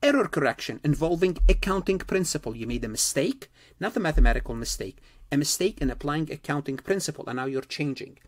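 A man's voice: on the high side, animated, fairly quick, hardly any pauses, dry recording, studio quality. A man giving a recorded accounting lecture, stressing key points and repeating them.

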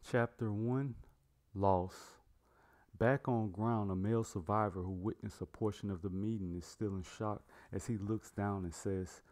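A man narrating a fantasy story in a plain, even read-aloud manner. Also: lowish voice. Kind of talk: storybook reading.

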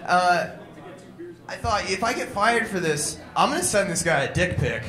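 A young man with a high, bright, edgy voice tears through a crude, irreverent stand-up set. His delivery is blunt and mocking. The sound bounces around an echoey club room. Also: expressive, normal speed. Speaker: stand-up comedian. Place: comedy club stage.

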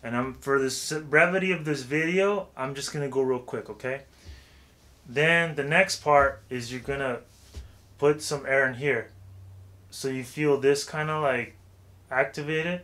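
A man giving a casual vocal warm-up tutorial, talking loosely with lots of filler phrases. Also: medium pitch, a little slow. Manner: loose and chatty, heavy with "like" and "you know what I'm saying".

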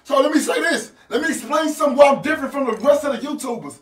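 A man streaming a video game live, talking loudly and brashly to his viewers with profane trash talk. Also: very high voice, expressive, fast, hardly any pauses. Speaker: livestreaming video game player. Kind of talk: hyped livestream talk to viewers. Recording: echoey room, far from the mic.

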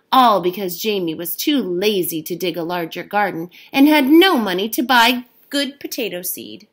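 A woman reading a storybook aloud as a teacher, giving the characters their own voices. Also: medium pitch.

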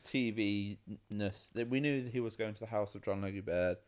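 A British man co-hosting a podcast in casual chat, blunt, swearing, with quick asides. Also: fairly low pitch. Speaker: podcast co-host.

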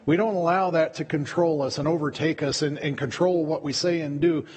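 A male pastor delivers a sermon in a loose, conversational way, often doubling up his words mid-thought. His voice sits a little high and has a husky edge. It rings out with the long reverb of a church sanctuary. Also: steady tone, fairly quick, a little mellow. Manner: conversational, repeats words while preaching.

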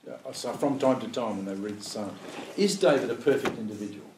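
A man's voice: on the low side, a little fast, noisy background. A man leading an informal Bible study. He thinks aloud, poses rhetorical questions and acts out quoted prayers. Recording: roomy, distant mic, faint room ambience.

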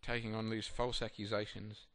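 A man's voice: fairly low pitch, little pitch movement, normal speed, fairly bright tone. A man giving a sermon, reading Bible passages and then reflecting on them in a conversational, hesitant way with many fillers and restarts. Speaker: preacher.

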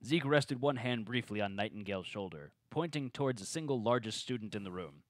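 A man's voice: on the low side, expressive, brisk, no room sound. A man reading the narration at a tabletop game table read and joking with the other players.

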